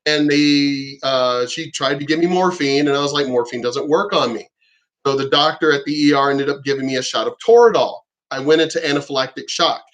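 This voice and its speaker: A man's voice: on the high side, a little fast, fairly bright tone. A middle-aged man and military veteran talking casually to camera in a rambling, profane way, acting out what other people told him.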